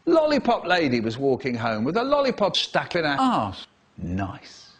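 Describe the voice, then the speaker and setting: Cut into a comedy remix, this clip has a man narrating at a moderate pace with lively, theatrical flair. He acts out the characters he quotes, jumping to sharp high squeals and then dropping to a hush.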